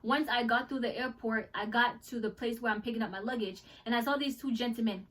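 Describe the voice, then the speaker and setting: Lively, high-voiced American woman vlogger. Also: fairly quick, far from the mic. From United States. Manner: animated, acts out voices in the story. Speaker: travel vlogger. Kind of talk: casual storytelling vlog.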